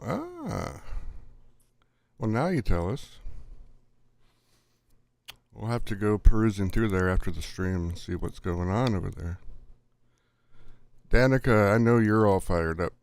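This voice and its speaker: A middle-aged man hosts a live stream in an easygoing, chatty way. His voice sits a little low and is recorded close and dry. He greets viewers warmly by name and laughs often. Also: animated, normal speed, long pauses, no room sound. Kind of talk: casual live stream chat.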